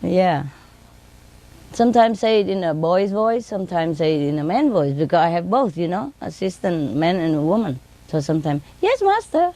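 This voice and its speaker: Woman chatting about her birds, lowish voice, broken english, laughs a lot, does high birdy voices. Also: normal speed, dry recording. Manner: lively, mimics her birds in high sing-song tones. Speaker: speaker telling stories about her pets. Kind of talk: casual storytelling.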